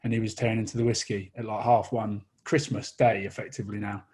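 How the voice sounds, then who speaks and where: An Englishman in his thirties, a rugby player, telling a long funny anecdote in casual chat, animated and quick to laugh. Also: lowish voice, breathy edge.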